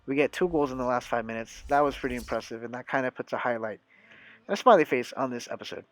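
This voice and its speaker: A man's voice: medium pitch, quick pace, no echo. A young man hosting a gaming channel, giving casual, upbeat let's-play commentary and talking straight to his viewers.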